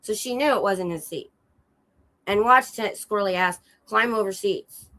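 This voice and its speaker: A woman with a hoarse, under-the-weather voice chats casually on her stream. She tells an animated story, acts out the lines of the people in it and swears along the way. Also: mid-range voice, normal speed, poor audio. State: sick and hoarse. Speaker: streamer telling a travel story. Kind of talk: casual chat. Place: home streaming setup.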